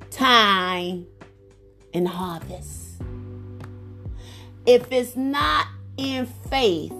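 Fervent high-voiced woman preaching. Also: a bit bright. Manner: fervent, exclaims "oh my God", repeats phrases for emphasis; calls on listeners by name for responses. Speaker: minister leading a prayer line. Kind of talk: preaching sermon. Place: phone prayer line.

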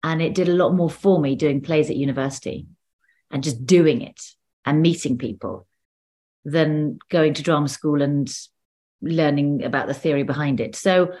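A woman's voice: deep voice, normal speed, dark tone. A woman actor talking casually in an interview over a video call, chatty and full of restarts. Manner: chatty, restarts often, laughs between stories. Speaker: actor and guest.

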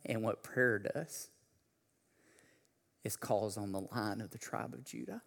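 Male pastor, bright tone, casual slangy preaching that builds to shouting; long hall reverb. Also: lowish voice, measured pace, gravelly. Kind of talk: sermon.

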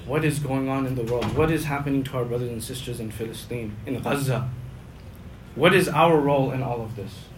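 A male imam giving a Friday sermon, passionate, swinging between loud emphatic lines and hushed low ones, repeating key phrases. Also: slight background noise, rough recording.

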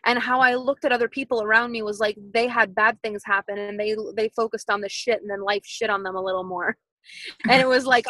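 A woman in her thirties with a high, bright, forceful voice. She talks in an animated way and drums her points in through repetition. The recording is dry and close, with no room sound. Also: no echo, low-quality recording. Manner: animated, repetitive motivational phrasing. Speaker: guest. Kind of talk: casual podcast chat.

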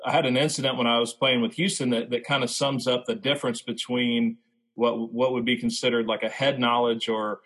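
A man, a former baseball player, telling his faith testimony as a podcast guest in a reflective, halting way. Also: medium pitch, little pitch movement, a bit bright, breathy edge, poor audio.

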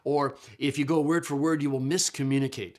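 A man's voice: on the high side, steady tone, a little fast, darkish tone. Man explaining Bible translation in a lecture. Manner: conversational, explanatory, with fillers and restarts. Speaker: Bible scholar and teacher.

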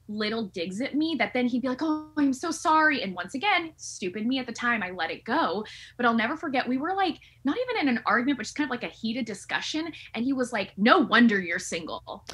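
A woman with a husky, slightly higher voice, talking as a podcast co-host. She tells her stories with emphasis and indignation, leaning hard on the key points. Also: fairly bright tone. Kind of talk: casual chat.

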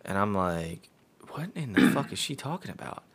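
Man, low pitch, casual podcast co-host, laughs a lot, animated retelling. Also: moderate pace, creaky. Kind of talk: casual chat.

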